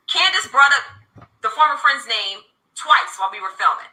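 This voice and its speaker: A woman in her thirties tells her story in a candid interview, emphatic and indignant. Her voice is piercingly bright and sits a little high. The recording has a roomy echo. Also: animated. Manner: emphatic, indignant, fast-talking. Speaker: reality TV cast member.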